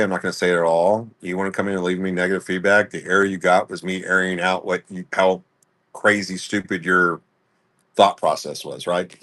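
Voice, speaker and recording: A man's voice: deep voice, sharp tone. A young adult man hosting a live-stream sale, talking bluntly and casually and laughing often. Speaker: live-stream jewelry seller.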